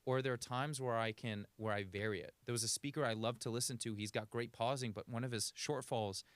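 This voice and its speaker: A man's voice: medium pitch, steady tone, quick pace, clear, resonant tone, dry recording. A man working as a communication coach, giving practical advice in a podcast interview and shifting his pace to demonstrate. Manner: coaching, illustrative, varies speed for demonstration.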